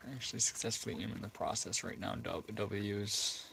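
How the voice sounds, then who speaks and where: A man's voice: on the low side, fairly even intonation, a little fast, gravelly, fairly bright tone, slight background noise, poor audio. A man livestreaming, rambling and joking in a casual chat while talking to his dog.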